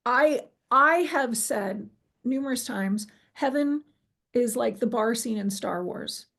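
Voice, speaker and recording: Gravelly-voiced woman telling a vivid story. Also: a little high. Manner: animated storyteller, acts out quoted dialogue, frequent fillers. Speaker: guest telling her near-death experience. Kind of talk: personal storytelling interview.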